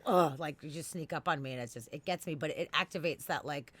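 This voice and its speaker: A young woman hosting a podcast, telling stories in an animated, expressive way, swinging from loud outbursts to low murmurs. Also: fast. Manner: animated storytelling, swearing, voice swinging from loud to quiet. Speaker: podcast host. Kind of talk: casual podcast chat.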